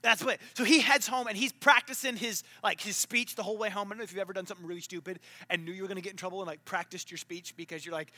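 A man preaching a sermon in a relaxed, conversational way, full of asides and filler words. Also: high-pitched, very fast, few pauses, dry recording. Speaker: pastor. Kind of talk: casual sermon storytelling.

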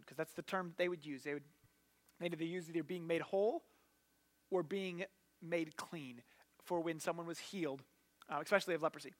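A man's voice: fairly high pitch, normal speed, pauses often. A man telling a story as a pastor in a sermon, retelling it casually and with animation, with many filler words.

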